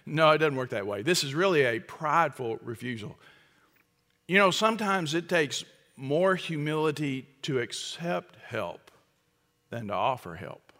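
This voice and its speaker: A man delivering a sermon with a bright, forceful edge and a slightly raised pitch. He preaches emphatically, slowing to stress key words. His voice rings through the long reverb of a large hall. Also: animated. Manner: emphatic, acts out quoted speech, chuckles at own jokes. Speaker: pastor.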